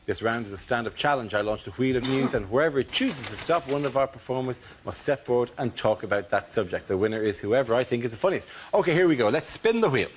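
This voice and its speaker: A man hosting a comedy panel game, briskly announcing topics and calling on comedians. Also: medium pitch, expressive. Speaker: show host. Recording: studio audience, background noise.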